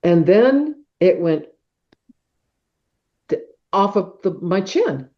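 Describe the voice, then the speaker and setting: A woman's voice: lowish voice, sing-song, slow pace. A middle-aged woman telling a personal story as a podcast guest, acting out sounds like whooshes and claps as she goes. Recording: dull, muffled podcast audio.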